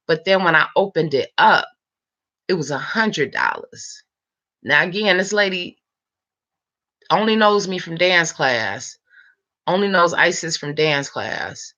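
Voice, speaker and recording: A woman of about fifty chatting late at night, telling a long story time in an animated, rambling way with lots of fillers. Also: deep voice, normal speed. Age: 50s. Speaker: vlogger.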